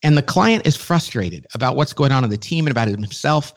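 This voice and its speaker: A middle-aged man as a podcast guest, telling a story with quick, enthusiastic energy. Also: mid-range voice, lively intonation. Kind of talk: casual conversation.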